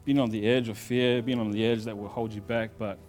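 A male pastor preaching a sermon in a conversational storytelling way, moving between loud emphasis and quiet asides. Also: fairly low pitch, flat delivery, fairly quick, faint music behind.

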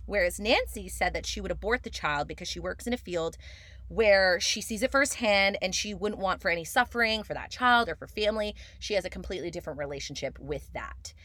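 Chatty woman podcaster, lively dry voice. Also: brisk, no room sound. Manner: chatty and animated, swinging high for emphasis, frequent "like" fillers. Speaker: podcast host. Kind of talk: casual reality-TV recap podcast.

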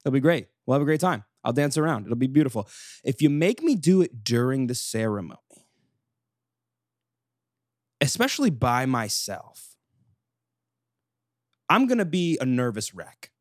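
A young man in his twenties hosting a solo podcast, chatty and self-mocking, running off on animated tangents into a studio microphone. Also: medium pitch, normal speed, long pauses, no echo. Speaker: podcast co-host.

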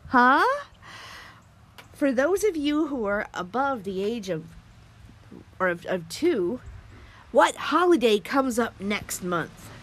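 Children's host: a woman with a high, bouncy, sing-song voice who talks to little kids unhurriedly. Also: sing-song, slow pace, pauses often, fairly bright tone. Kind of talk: children's sing-along lesson.

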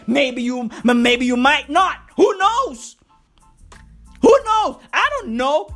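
A woman with a fairly high voice tears into her subject in a profane comedic rant. She swears constantly, repeats herself and leans on street slang. Faint music plays underneath. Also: a bit bright. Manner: heated, swearing, repetitive rants with slang. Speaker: comedic ranter.

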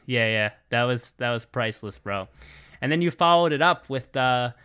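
A man's voice: mid-range voice, animated, moderate pace, pushed and bright, clean tone. Laid-back rambling podcast host, man. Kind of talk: casual podcast chat.

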